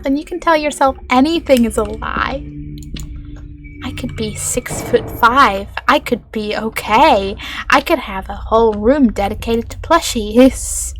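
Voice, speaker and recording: A woman's voice: fairly high pitch, slow pace, fairly bright tone, slight background noise. A woman streaming a horror game live, chatting to her viewers in a chatty, self-mocking way, swearing and joking.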